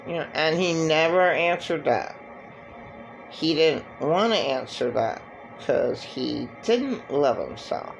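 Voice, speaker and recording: A man giving a halting, rambling personal monologue with many fillers and restarts. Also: a little high, expressive, gravelly, highs cut off, soft background music. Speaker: vlogger.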